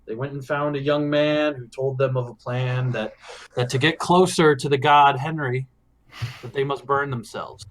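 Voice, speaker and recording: A man's voice: mid-range voice, steady tone, moderate pace, a bit bright. A man acting as game master, recapping a tabletop game in a rambling way with frequent laughter.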